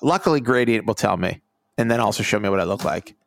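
Sarcastic rambling man, lively pitch. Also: fast talker, vocal fry. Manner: rambling, sarcastic, mocking bro impressions. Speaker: editor and co-host. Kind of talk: casual chat.

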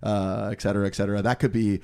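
Young man, slightly hoarse, upbeat, casual podcast co-host, laughs a lot. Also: lowish voice, flat delivery, quick pace, dark tone. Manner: upbeat, laughs often, repeats himself. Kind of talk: casual chat.

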